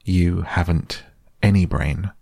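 A man's voice: sits low, vocal fry, warm tone, no room sound, clean studio sound, exaggerated voice. A man voicing a bossy, self-important male rabbit who lays out plans solemnly in a storybook reading. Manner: brisk, solemn and self-satisfied.

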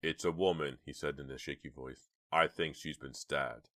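A man's voice: rumbling low, a little fast. A man voicing a brave teenage boy in an audiobook, speaking with urgent, firm, raised lines. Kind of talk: audiobook reading.

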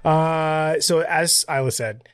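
A man's voice: fairly high pitch, takes it slowly, clear, resonant tone, no echo, clean studio sound. A man co-hosting a casual podcast, playful and rambling, laughing easily. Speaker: podcast co-host.

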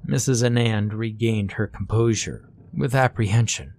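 A man narrating a scripted horror story in a slow, hushed way. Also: fairly low pitch.

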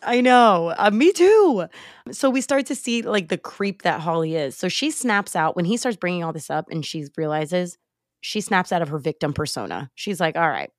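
A young woman hosting a podcast from home, retelling a movie plot in a casual, animated way, with sighs and laughs. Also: fairly low pitch, normal speed, dry recording, clean studio sound. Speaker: podcast host. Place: home, late at night. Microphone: remote call recording.

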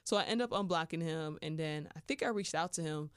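Woman, podcast host, casual storytelling, animated and slangy, smooth clear voice, dry close sound. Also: deep voice, brisk, no echo. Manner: animated and playful, with slangy asides and laughter.

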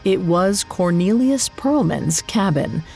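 Slow, measured woman narrating a story. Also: mid-range voice, expressive, vocal fry, mellow, faint music behind. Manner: measured, dramatic. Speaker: podcast narrator.

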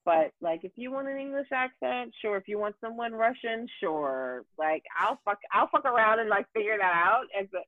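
A female guest with a fairly high voice tells a story in loose, casual talk at a moderate pace, hardly pausing. Her voice swings widely, and she is animated and profane, with frequent fillers and restarted sentences. The dry recording sounds thin and tinny, like a phone line.

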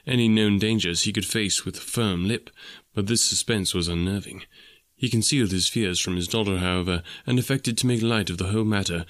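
A man narrating a classic novel in a measured, even storytelling manner. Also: lowish voice, dry recording, studio quality. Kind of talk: audiobook narration.

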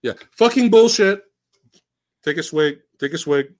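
A man hosting a casual podcast, mocking a film's plot in a profane, animated way as he retells it. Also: fairly high pitch, measured pace. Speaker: podcast host. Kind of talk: casual podcast film discussion.

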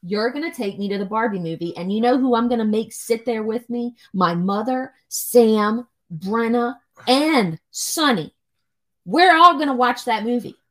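A woman's voice: on the high side, measured pace, few pauses. A young woman co-hosting a podcast, chatting casually on a livestream in a rambling way and swearing freely. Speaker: podcast co-host.

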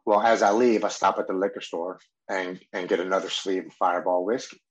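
Brief: man with a lowish voice, candid personal testimony, earnest and halting. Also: fairly even intonation, low-quality recording. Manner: candid, earnest storytelling with stammered restarts. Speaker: speaker sharing his recovery story.

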